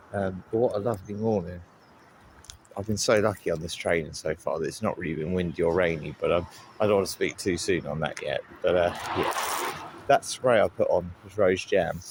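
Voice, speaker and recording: Young guy talking into his phone outdoors, low voice, bit gravelly, chatty and self-deprecating. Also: noisy background. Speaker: vlogger. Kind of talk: casual vlog talk to phone while running. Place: outdoors by the sea. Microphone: handheld phone.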